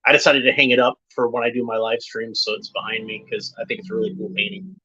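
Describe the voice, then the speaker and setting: A man's voice: on the low side, flat delivery, fast talker, sharp tone, breathy edge, muffled recording. A man hosting a livestream watchalong, making wry, joking asides at home. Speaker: host. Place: home room.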